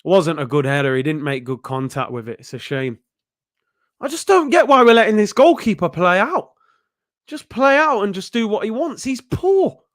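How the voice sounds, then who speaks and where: A young man hosting a live football watchalong, reacting excitedly and yelling at the players. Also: high voice, normal speed. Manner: excitable, shouting at players, frequent outbursts. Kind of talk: live match reaction commentary.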